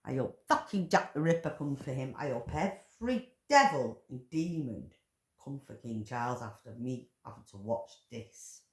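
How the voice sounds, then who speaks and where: A woman's voice: a bass voice, lively intonation, normal speed. A woman ranting in angry commentary, full of swearing and emotional outbursts. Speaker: vlogger commentator. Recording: echoey room.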